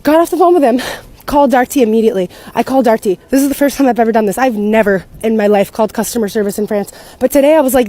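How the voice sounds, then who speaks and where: An American woman in young adulthood, telling a story to camera in a chatty, animated way and swearing freely. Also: on the high side, quick pace. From United States. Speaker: content creator living abroad.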